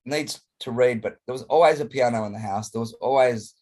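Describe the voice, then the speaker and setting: A hoarse Australian man, croaky from a chest cold, chatting flamboyantly and playfully as a guest over a video call. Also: mid-range voice, fairly quick, a little mellow. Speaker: guest performer. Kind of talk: casual interview chat over video call.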